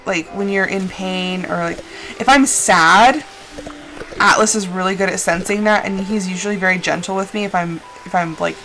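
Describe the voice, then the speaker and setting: On a rough recording, a female streamer with a fairly low voice talks casually as she plays a game. She rambles, keeps up the chatter, and throws in lively asides.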